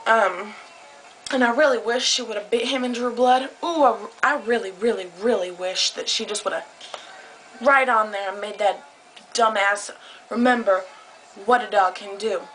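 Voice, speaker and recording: A woman's voice: mid-range voice, normal speed, fairly bright tone, slight background noise, low-quality recording. A young woman telling a heated story into her camera, agitated and swearing a lot. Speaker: vlogger. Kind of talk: casual vlog storytelling. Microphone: camera close up.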